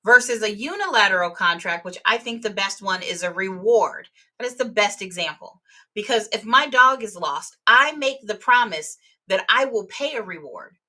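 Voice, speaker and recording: A woman's voice: mid-range voice, animated, moderate pace, bright, forceful tone. A woman teaching real estate exam vocabulary in a live webinar, explaining terms with everyday examples.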